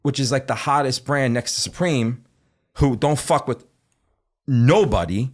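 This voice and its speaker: A man's voice: mid-range voice, a little slow. A middle-aged man, a guest on a podcast, telling stories casually and with lots of swearing, acting out what other people said. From Brooklyn, New York. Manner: animated, profane storytelling that acts out other people's words. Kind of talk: casual chat.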